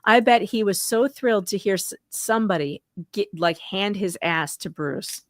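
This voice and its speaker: A woman's voice: medium pitch, moderate pace, no echo, studio quality. A woman from Illinois with a Northern US accent, co-hosting a casual livestream chat in a chatty, amused way. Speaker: co-host.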